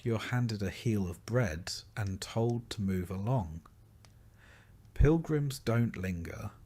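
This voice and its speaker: A man narrating a slow, calm bedtime story in the second person, in a soft, even and unhurried scripted delivery. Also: medium pitch.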